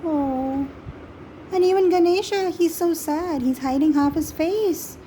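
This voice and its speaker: A woman reads a children's picture book aloud in a high, slow voice. She is gently expressive and keeps asking the young listener questions, with a faint hum of room ambience behind her. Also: poor audio. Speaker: storybook reader.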